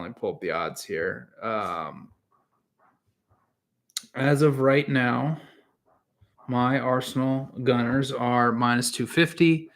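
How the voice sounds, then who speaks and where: A man's voice: medium pitch, fairly bright tone. A man hosting a solo soccer podcast, talking casually with many fillers and restarts. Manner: rambling, frequent fillers and restarts. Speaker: podcast host and soccer analyst.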